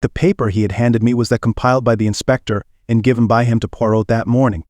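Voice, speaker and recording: A man narrates a novel aloud with measured, even storytelling. His pitch sits in the middle of the range. The recording is dry and close. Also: no echo. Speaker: audiobook reader. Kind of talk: scripted narration.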